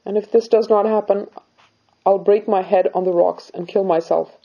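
A woman's voice: medium pitch, steady tone, moderate pace, vocal fry, dark tone, muffled recording. A woman voicing a grieving, devout middle-aged mother who pleads to search for her lost daughter. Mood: pleading. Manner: anguished, pleading, self-reproaching.

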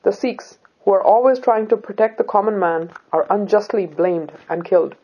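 A woman reading the part of a brave young Sikh woman who speaks calmly, politely and firmly. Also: medium pitch, normal speed, slightly rough, highs cut off, lightly acted. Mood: resolute. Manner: calm, polite, firm.

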